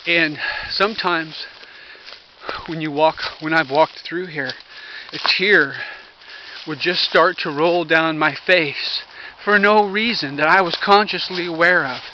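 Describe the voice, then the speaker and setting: A middle-aged man talking earnestly about spiritual things while hiking up a wooded trail, short of breath, with halting restarts, recorded on a handheld camera. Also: fairly high pitch, noisy background. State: out of breath from climbing. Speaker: vlogger. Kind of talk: rambling walk-and-talk vlog. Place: outdoors on a wooded hillside trail. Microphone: handheld camera while walking.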